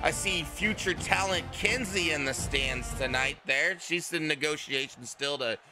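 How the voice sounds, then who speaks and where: A man's voice: on the high side, measured pace, loud music behind the voice. A man calling wrestling play-by-play, often hesitant with fillers and restarts. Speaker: play-by-play commentator. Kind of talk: wrestling commentary.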